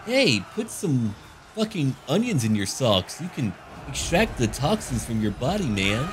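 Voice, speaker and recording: A man voicing a dreamy hippie sorceress woman in a mocking falsetto, for a video game commentary. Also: big pitch swings, unhurried, background noise.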